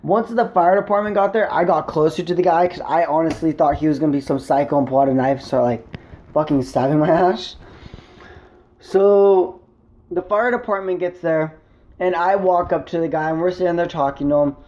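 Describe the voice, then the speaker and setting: A man's voice: on the high side, moderate pace, darkish tone. Young man telling a rambling story. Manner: rambling, swears a lot, filler 'like'. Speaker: vlogger. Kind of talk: casual storytelling to camera.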